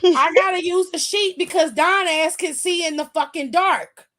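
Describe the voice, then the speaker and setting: Blunt, profane woman with a high voice. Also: normal speed. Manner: loud, blunt and profane, laughing often. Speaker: stream co-host. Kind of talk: casual chat.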